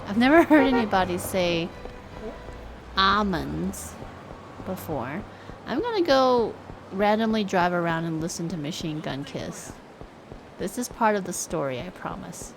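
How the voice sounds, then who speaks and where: A woman's voice: mid-range voice, noisy background. A young woman streaming a game, chatting casually and musing aloud as she plays, often repeating words playfully. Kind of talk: casual live-stream commentary. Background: game music.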